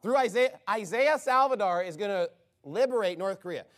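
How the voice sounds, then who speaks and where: A man's voice: high voice, expressive, normal speed, a bit bright. A man preaching a sermon, retelling a story with mocking, incredulous sarcasm.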